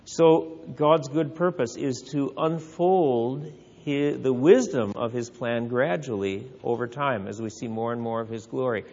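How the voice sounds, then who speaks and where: A man's voice: mid-range voice, unhurried, hardly any pauses, a little mellow, big-room sound, lo-fi sound. A man teaching a Bible class in a conversational way, asking rhetorical questions and taking questions from the group.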